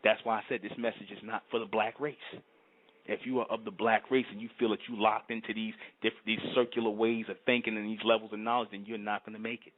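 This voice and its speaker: A fervent man talks in a low voice, emphatic and repetitive. He keeps asking if you understand. The sound is thin and tinny, like a phone line. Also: little pitch movement, fast. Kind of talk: fervent monologue to camera.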